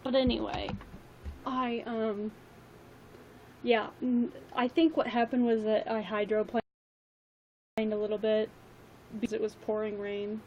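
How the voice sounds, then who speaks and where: A woman's voice: on the high side, little pitch movement, unhurried, long pauses, dull audio, a little hiss or hum. A young woman chatting casually on a livestream, rambling with lots of ums and likes, her voice a little worn. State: slightly losing her voice.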